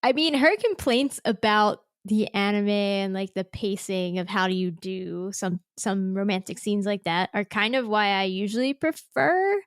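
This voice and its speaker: A woman's voice: mid-range voice, a little slow, few pauses, clear, resonant tone, no room sound. Chatty woman podcast host, dry sound. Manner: chatty, laughs often, acts out quotes in exaggerated voices. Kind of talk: casual chat.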